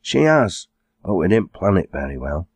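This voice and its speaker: A man's voice: low voice, very animated, normal speed, darkish tone, husky, no room sound, exaggerated voice. A man doing a kindly middle-aged farm mum. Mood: motherly. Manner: kindly, fussing. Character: warm motherly farmer's wife, middle-aged.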